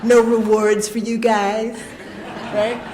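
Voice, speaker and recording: A woman's voice: on the high side, takes it slowly, background noise. Woman telling a comic recovery story in a roomy hall. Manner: animated, comic storytelling with frequent "right?" asides. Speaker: recovery convention speaker. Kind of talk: personal recovery share before a live audience. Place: convention hall with a live audience.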